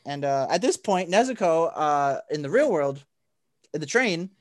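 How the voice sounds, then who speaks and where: A man's voice: fairly high pitch, sing-song, moderate pace. Rambling man recapping scenes. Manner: rambling, lots of fillers and restarts, acts out quotes. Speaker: co-host recapping an anime film. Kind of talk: casual chat.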